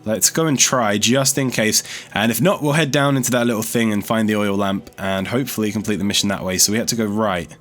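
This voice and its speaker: A man's voice: fairly low pitch, brisk, hardly any pauses, a bit bright, faint music behind. A man giving casual gameplay commentary as a let's play host, chatty and thinking aloud as he explores, easily startled.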